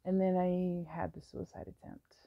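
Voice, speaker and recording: Low gravelly woman, frank and rambling. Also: flat delivery, normal speed, no echo, narrow, tinny audio. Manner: frank and meandering, with many fillers. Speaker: vlogger telling her own story. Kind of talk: candid personal storytime.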